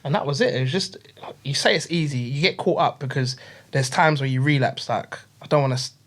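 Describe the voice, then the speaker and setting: A man's voice: mid-range voice, fairly quick. A man with a London accent, talking casually in slangy street talk as a podcast guest. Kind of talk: casual chat. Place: podcast studio.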